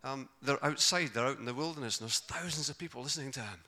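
A man preaching a sermon, telling the gospel stories in a lively way and acting out the characters' lines. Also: mid-range voice, quick pace. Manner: animated storytelling, acting out voices of the characters.

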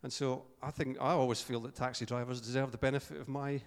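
A Scottish preacher tells stories in a loose, joking way, full of asides and restarts. His voice sits at a middle pitch. The sound rings with the long reverb of a hall. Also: flat delivery, fast. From Scotland. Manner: chatty, joking asides, frequent fillers and restarts. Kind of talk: informal sermon with storytelling.

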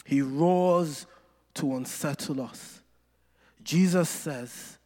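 A male preacher with a fairly high voice, preaching a sermon. He tells stories with playful asides and slows down hard on scripture lines. His voice rings through a hall with long reverb. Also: darkish tone. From Nigeria.

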